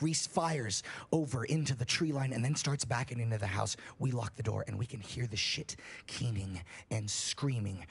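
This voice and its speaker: A man's voice: mid-range voice, vocal fry, husky. A man on a livestream telling a scary story in a casual, profane way, building suspense. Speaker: streamer.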